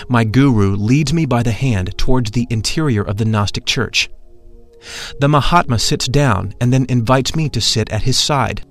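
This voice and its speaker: A man reading a first-person story aloud in a measured, reverent way. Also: mid-range voice. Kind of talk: scripted narration. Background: faint music.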